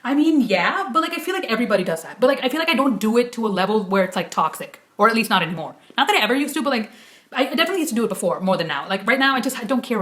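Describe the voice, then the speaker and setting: Young female YouTuber, casual chat, hushed questions, animated rambling rants. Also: medium pitch. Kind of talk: casual vlog chat, taking a quiz.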